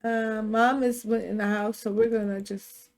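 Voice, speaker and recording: A woman's voice: on the high side, little pitch movement, moderate pace, a little mellow. A woman narrating a life-sim game in casual chat, voicing the characters' lines herself. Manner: chatty, voices sim dialogue in quotes. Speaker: gameplay narrator. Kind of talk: casual let's-play storytelling.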